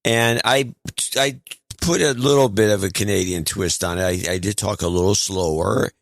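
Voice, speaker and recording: Low-voiced, wry male co-host. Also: moderate pace, gravelly, no echo. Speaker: podcast co-host. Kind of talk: casual chat.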